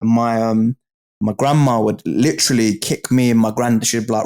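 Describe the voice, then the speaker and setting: A man's voice: medium pitch, fairly even intonation, normal speed, darkish tone. A man with a British accent, a guest in an interview, telling stories in a casual, slang-heavy way and often asking "do you know what I mean". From United Kingdom.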